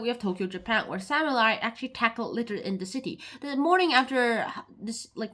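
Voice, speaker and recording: A woman reads a kids' news magazine aloud in a relaxed, casual way. Her voice is mid-pitched, and she breaks up the stories with short, offhand remarks. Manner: reads aloud with brief chatty asides. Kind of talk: casual news reading with asides.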